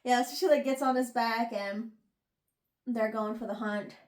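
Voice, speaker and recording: A woman's voice: fairly high pitch, steady tone, unhurried, darkish tone. A young woman hosting a casual book review chat, giggling and acting out the characters' lines. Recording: echoey room.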